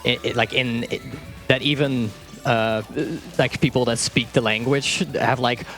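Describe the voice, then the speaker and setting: A man's voice: mid-range voice, steady tone, measured pace, a bit bright. Chatty man explaining a speedrun. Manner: casual, explanatory, laughs often, trips over words. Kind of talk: live speedrun commentary. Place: marathon event stage. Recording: faint game music behind. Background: faint game music.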